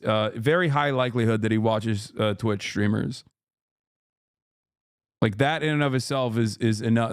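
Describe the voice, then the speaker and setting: A man's voice: mid-range voice, a little mellow, no room sound. Man streaming, cussing casually while reacting, dead dry mic. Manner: blunt, profane, joking. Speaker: livestream host.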